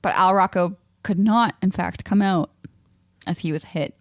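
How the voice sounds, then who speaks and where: A woman's voice: lowish voice, moderate pace, no room sound, clean studio sound. A woman co-hosting a podcast, telling a story in a casual, playful way with frequent laughs. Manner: laughs often, playful asides. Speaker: podcast co-host.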